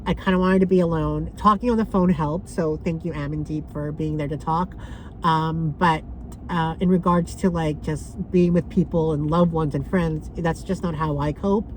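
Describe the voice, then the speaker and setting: A young woman vlogging to camera, soft and halting with many pauses and fillers, emotional and close to tears. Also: deep voice, steady tone, a little hiss or hum, rough recording. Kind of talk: personal vlog talking to camera.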